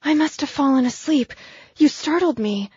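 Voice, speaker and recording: A woman reader voicing a frightened, earnest young woman who speaks high and breathless. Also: moderate pace, a little mellow, dry recording, highs cut off, natural voice. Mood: worried.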